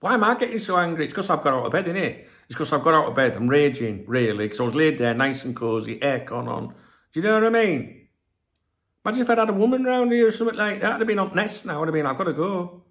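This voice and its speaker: A man's voice: fairly high pitch, lively intonation, fast talker, a bit bright. A tired man hosting a football channel, ranting bluntly with heavy swearing. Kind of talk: late-night ranting vlog.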